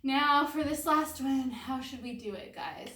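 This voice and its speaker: Slow, echoey woman leading kids' chants. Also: high voice, sharp tone. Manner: playful, coaxing children to repeat in silly voices. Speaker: homeschool memory-work tutor. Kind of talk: call-and-response memory drills with songs and chants. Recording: echoey room, voice from far off the mic.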